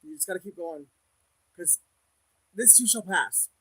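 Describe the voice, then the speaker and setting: A man's voice: sits high, lively intonation, measured pace, sharp tone, husky, dry recording, low-quality recording. A man hosting a casual livestream as a psychic reader, speaking candidly to viewers with frequent laughs and religious conviction.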